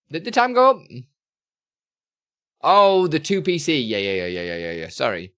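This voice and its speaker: A man hosting a casual live stream, chatting freely with his audience. His pitch swings up and down animatedly as he reads messages aloud. In between, he mutters to himself about his settings. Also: no room sound, clean studio sound. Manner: chatty, reads chat aloud and mutters while fiddling with software. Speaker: live streamer answering chat questions.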